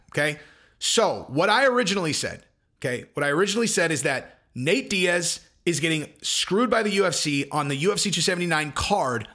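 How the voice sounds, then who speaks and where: A man hosting his own channel, giving fast, emphatic commentary that repeats its points and keeps checking in with "okay?". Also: on the high side, bright, forceful tone. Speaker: channel host.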